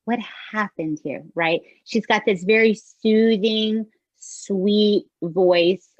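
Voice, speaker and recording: A woman co-hosting a podcast, chatting in an expressive way and often asking "right?". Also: mid-range voice, slow, no echo, dull audio. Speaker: podcast co-host. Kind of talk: casual chat recapping a show.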